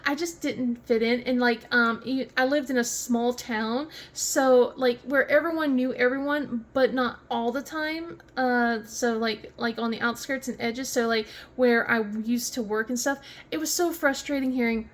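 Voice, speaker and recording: A woman's voice: on the high side, steady tone, normal speed, hardly any pauses. A woman with a Southern American accent, chatting casually on a craft vlog, rambling with many fillers, restarts and frequent laughter. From southern West Virginia. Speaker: craft vlogger. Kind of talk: casual chat.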